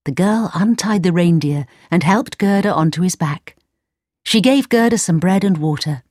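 A woman narrating a storybook in slow, clear, simple sentences. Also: fairly low pitch, a little mellow, no echo, clean studio sound.

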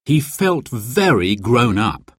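Slow, expressive man reading a children's book. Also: medium pitch, slightly rough, dry recording, studio quality. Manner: slow, expressive, storyteller's lilt. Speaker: narrator. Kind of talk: children's book read-aloud.

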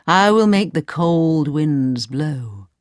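Woman reading a cold regal Snow Queen, slow and low, dry close sound for a storybook. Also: expressive, no echo. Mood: commanding.

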